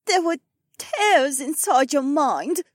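A man voicing a remorseful young girl witch in an audiobook, speaking in a high, teary, pleading voice. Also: lively intonation, slow, dry recording, studio quality, heavily acted. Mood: tearful, pleading. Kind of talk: audiobook character voice.

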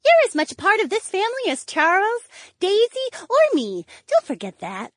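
A woman voicing a bubbly young feline monster woman who gushes with excitement. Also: very high voice, moderate pace, no room sound, studio quality, exaggerated voice. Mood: soothing. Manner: gushing, excitable.

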